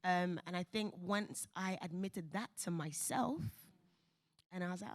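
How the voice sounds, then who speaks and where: A woman on a conference panel, telling a personal story in an animated way and acting out the people she quotes. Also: on the low side, moderate pace. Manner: animated, acts out quoted voices, laughs often. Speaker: panel speaker.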